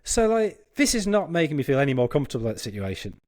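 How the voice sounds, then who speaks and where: Podcast panelist, lively storyteller, higher-pitched, close and dry. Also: male voice, very fast, few pauses, no room sound. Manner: animated, laughing as he tells a story. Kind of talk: anecdotal storytelling.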